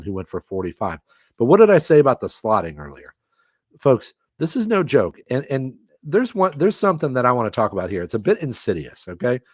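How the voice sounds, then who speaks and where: An excitable middle-aged man commentates live for his viewers, laughing at his own mistakes. His pitch swings widely as he gets fired up. The sound is dry and close, with no room around it. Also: dry recording. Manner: excitable, self-mocking, laughs often. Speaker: livestream host commentating a fantasy football auction.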